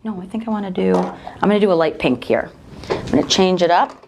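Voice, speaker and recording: A woman's voice: lowish voice, brisk, gravelly, background noise. A woman hosting a live embroidery stream. She chats in an upbeat, casual way with her viewers while she works at a machine. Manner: chatty, upbeat, talks to viewers while working. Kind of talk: casual live demo chat.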